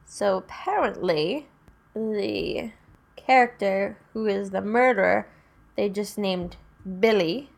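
A woman's voice: mid-range voice, takes it slowly, gravelly. A young woman in casual chat about horror films, dry and matter-of-fact.

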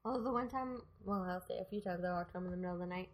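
A woman's voice: on the low side, racing, a little hiss or hum. A woman in casual podcast chat, playfully telling anecdotes. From Canada. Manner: playful, laughs while telling stories.

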